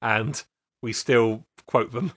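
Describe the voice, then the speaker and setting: A man's voice: medium pitch, steady tone, takes it slowly, fairly bright tone. A man co-hosting a podcast, chatting casually and laughing easily. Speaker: podcast co-host.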